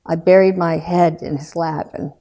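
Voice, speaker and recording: A woman in her sixties, a guest telling a painful personal story in an earnest, subdued way, halting with restarts and trailing pauses. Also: low-pitched, fairly even intonation, warm tone. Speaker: guest recounting loss.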